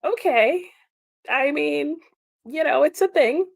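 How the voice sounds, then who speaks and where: A woman's voice: high voice, expressive, slow, vocal fry, no room sound. Casual woman streamer chatting w her viewers, laughs a lot, lots of "like"s, dry close sound. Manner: chatty, laughs often, many "like" fillers. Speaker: livestream host reading chat comments. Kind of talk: casual live chat.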